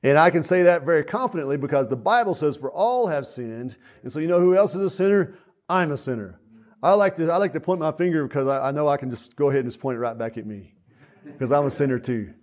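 Man, pastor, folksy sermon, higher voice, dull lo-fi recording. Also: fast, darkish tone. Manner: earnest, folksy preaching with frequent fillers. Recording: dull lo-fi sound.

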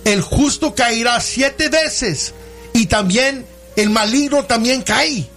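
A man preaching a sermon in English and Spanish, calling his listeners brother and rising into shouted, sing-song cadences. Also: very high-pitched, a little slow, faint music behind. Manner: preaching, switching between English and Spanish, calling out "hermano" and "amen". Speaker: pastor. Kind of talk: bilingual sermon.

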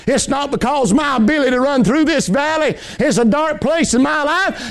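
Man, preacher, fervent sermon, high-pitched voice, folksy, swings from loud to hushed. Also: moderate pace, hardly any pauses. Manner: impassioned, swinging between high emphatic lines and low hushed ones; folksy storytelling with homespun anecdotes.

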